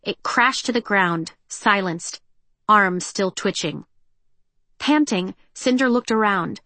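A woman reading an audiobook in a measured, tense and expressive way. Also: mid-range voice, dry recording. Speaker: narrator. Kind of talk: audiobook narration.

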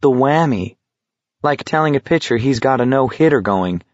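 A man's voice: mid-range voice, animated, moderate pace, no room sound, pitched above the performer's own voice, lightly acted. A man doing a terse, guarded young walker. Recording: dull, slightly muffled.

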